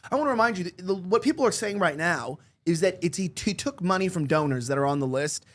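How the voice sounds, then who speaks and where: A woman's voice: fairly low pitch, lively intonation, fast. A woman hosts a political talk show and vents with open anger. She hammers her points with repeated words and rising emphasis. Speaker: political commentary host. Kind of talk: heated political chat.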